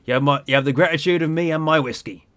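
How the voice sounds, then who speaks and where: A man reading as a gruff old sea captain. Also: on the high side, fairly bright tone, natural voice. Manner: slow, heavy storytelling read-aloud.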